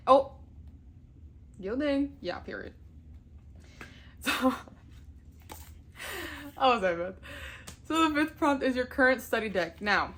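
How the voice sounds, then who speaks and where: A woman's voice: medium pitch, fairly bright tone, slight background noise. Chatty young woman gushing about cards. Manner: chatty, gushing, swears casually, laughs often. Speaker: tarot vlogger. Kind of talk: casual chat.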